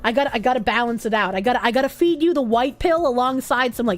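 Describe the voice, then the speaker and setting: A young woman streamer chatting casually and reading out donations, animated and swearing freely. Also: a little high, quick pace, few pauses.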